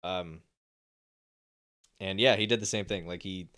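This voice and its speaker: A man's voice: low-pitched, steady tone, measured pace, pushed and bright. A young man co-hosting a sports podcast, talking through games in a loose, rambling way. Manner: rambling, many fillers and restarts. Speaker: podcast co-host. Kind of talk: casual sports chat.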